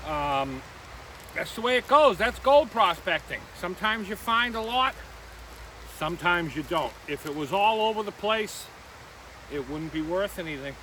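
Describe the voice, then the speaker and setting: A man's voice: high-pitched, expressive, moderate pace, pushed and bright. A man hosting a casual outdoor vlog on a riverbank, chatty and rambling. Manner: chatty, rambling, self-correcting. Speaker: vlog host. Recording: distant outdoor mic with stream noise. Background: flowing stream and passing traffic.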